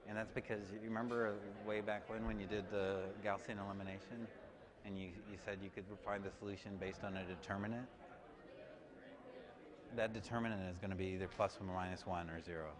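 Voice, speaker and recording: A man giving a university lecture, halting, with many restarts and fillers. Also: fairly low pitch, level tone, crowd noise. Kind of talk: classroom lecture. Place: large lecture hall. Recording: reverberant lecture hall, faint noise.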